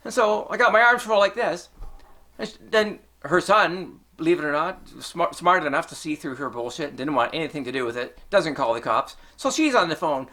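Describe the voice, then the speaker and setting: A man's voice: a little high, animated, moderate pace, bright, forceful tone. A middle-aged man from Canada, telling a personal story to his vlog in a heated, profane rant full of swearing. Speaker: vlogger.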